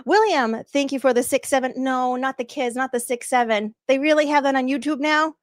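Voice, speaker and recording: A woman's voice: high voice, brisk, no echo, clean studio sound. A woman with a Boston accent hosting a casual livestream, bubbly and effusive as she thanks viewers and laughs often. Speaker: livestream host. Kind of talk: casual live-stream chat thanking viewers.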